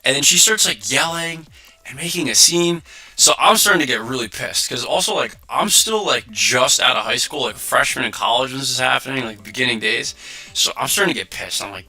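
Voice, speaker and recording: A man in his twenties hosting a casual livestream, telling a story with lively acted-out quotes and many filler words. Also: mid-range voice, a little fast, soft background music. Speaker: livestream host.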